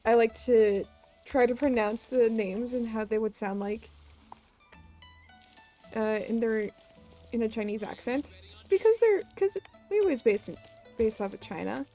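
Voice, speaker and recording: A woman streamer giving casual, chatty commentary while playing a game, self-deprecating and quick to laugh. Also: a little high, expressive, dark tone, soft background music.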